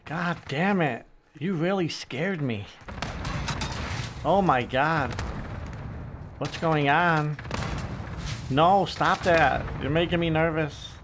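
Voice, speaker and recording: Over noisy game audio full of gunfire and explosions, a male streamer taunts opponents with crude, fake-friendly banter and exclaims when caught off guard. His voice is a little high, and he speaks slowly with long pauses.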